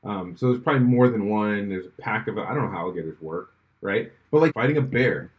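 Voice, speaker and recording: A man's voice: on the low side, animated, fast talker, muffled recording. Rambling man chatting on a podcast. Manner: rambling, laughs often, many fillers and restarts. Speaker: podcast co-host. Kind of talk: casual chat.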